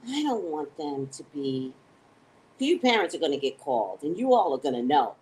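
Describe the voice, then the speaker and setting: An American woman, a psychic who hosts her own live morning show, chats casually on a stream at a moderate pace, and the audio is poor. She rambles and digresses, swears freely, and jokes at her own expense. She's animated, swinging into high, excited tones.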